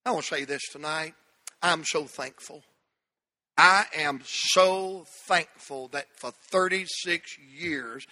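An older male pastor preaching a revival-style sermon, climbing into shouted, repeated calls and dropping back to folksy asides. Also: a little high, takes it slowly. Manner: builds to shouted, repeated exhortations with folksy humor.

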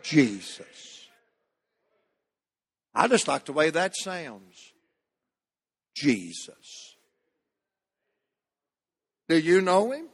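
A man preaching a sermon as pastor, slow and emphatic, drawing out key words. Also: high-pitched, big pitch swings, fairly bright tone, big-room sound. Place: church sanctuary.

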